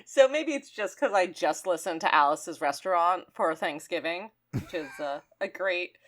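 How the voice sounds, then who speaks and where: A woman from Canada co-hosting a podcast, giggly and animated as she chats about a cartoon. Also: fairly low pitch, normal speed. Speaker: podcast co-host. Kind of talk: casual chat recapping a cartoon.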